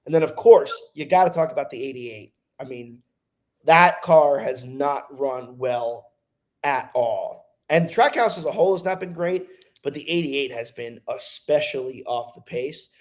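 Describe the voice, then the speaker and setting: A man co-hosting a casual racing talk show, giving emphatic, animated opinions. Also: medium pitch, measured pace. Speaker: co-host. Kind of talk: casual racing podcast chat.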